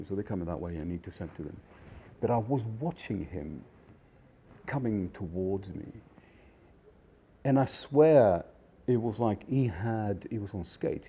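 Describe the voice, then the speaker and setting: A man, a chef, telling stories from his career in a rambling, animated way with many fillers. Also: sits low, lo-fi sound, slight background noise. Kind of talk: casual storytelling.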